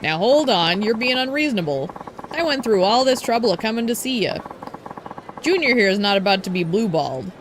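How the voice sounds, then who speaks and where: A woman's voice: medium pitch, expressive, fairly quick, lightly acted. A woman reading game subtitles aloud as a pushy, sleazy middle-aged man, wheedling and snappish, over a noisy stream recording.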